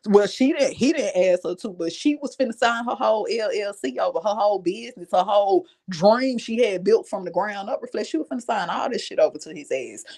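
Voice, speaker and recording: A woman's voice: medium pitch, animated, fairly quick, hardly any pauses, darkish tone. A woman hosting a reaction video, commenting bluntly and with profanity and throwing questions at her viewers. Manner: rhetorical questions to the audience.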